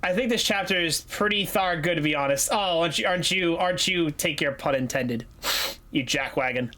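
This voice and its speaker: A man's voice: fairly high pitch, a little fast, bright, forceful tone. A man chatting casually on a gaming livestream, rambling loosely, swearing freely and laughing easily. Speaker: streamer.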